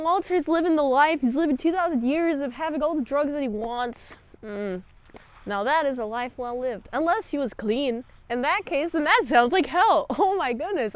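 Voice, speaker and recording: A chatty woman reviewer talks through an episode in a loose, rambling way, full of asides and silly jokes. Her voice is fairly high and animated, with a close, dry sound. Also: no echo. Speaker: show host, episode reviewer. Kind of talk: casual recap and review.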